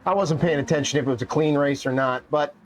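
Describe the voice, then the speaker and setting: A man with a voice on the high side talks fast while streaming a racing game live. He chats playfully with both his viewers and his cats in casual gaming banter.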